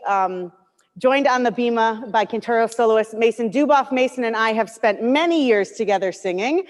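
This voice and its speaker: A woman's voice: on the high side, darkish tone, big-room sound. A woman leading a worship service, chatting in friendly asides between prayers and readings.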